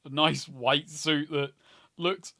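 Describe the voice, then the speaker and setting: A man narrating as game master of a tabletop game, wry and quick to laugh. His voice sits a little high for a man. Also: fairly even intonation, bright, forceful tone.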